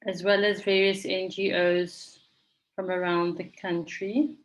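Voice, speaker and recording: Woman facilitator, mid pitch, measured and orderly, video-call session host. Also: level tone, low-quality recording. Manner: measured, orderly, reads names from the chat. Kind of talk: moderating an online conference session.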